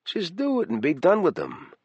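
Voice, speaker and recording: A man's voice: fairly high pitch, huge pitch swings, normal speed, darkish tone, breathy edge, no room sound, muffled recording, pitched above the performer's own voice, full character voice. A man voicing a wisecracking, easygoing man in his mid-forties in an audiobook. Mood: earnest. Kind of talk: audiobook character voice.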